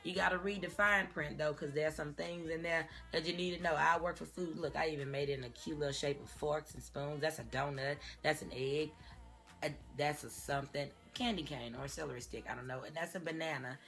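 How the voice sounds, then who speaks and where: Bright-voiced Southern woman vlogging. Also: low voice, a little fast, soft background music. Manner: chatty, animated, drawls y'all and child. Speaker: actress and singer vlogger. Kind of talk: casual talk to camera.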